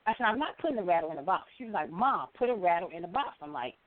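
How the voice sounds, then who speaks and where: A middle-aged woman calling in to a show, telling a story with lively acted-out quotes. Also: fairly low pitch, very fast. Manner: animated storyteller, acts out quoted voices. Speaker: caller. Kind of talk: call-in storytelling. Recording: phone line.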